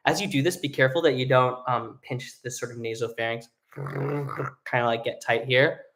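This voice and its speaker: A man's voice: mid-range voice, steady tone, moderate pace, creaky, fairly bright tone. A young adult man teaching a live online singing lesson, explaining casually with lots of fillers and sung vocal demonstrations.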